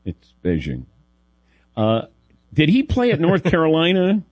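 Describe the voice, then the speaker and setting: A man's voice: on the high side, huge pitch swings, measured pace. This is a Midwestern man hosting a sports radio show, and his voice rises and falls a lot as he talks. He tells his stories with a wry, self-mocking edge. The sound is dry and close, with no room echo. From American Midwest. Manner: wry, self-deprecating storyteller who laughs often. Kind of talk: casual sports radio banter.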